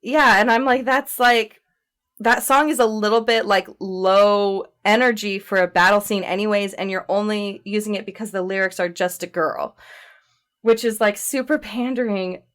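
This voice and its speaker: A woman co-hosting a podcast, recapping a movie in a chatty, animated way full of fillers and laughs. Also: medium pitch, normal speed. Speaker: podcast co-host. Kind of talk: casual chat recapping a movie.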